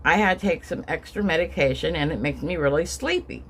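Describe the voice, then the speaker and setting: A woman's voice: low-pitched, brisk, breathy edge. Chatty woman storytelling over makeup. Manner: chatty, rambling, acts out quotes with raised voice. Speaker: vlogger. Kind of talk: casual storytelling while doing makeup.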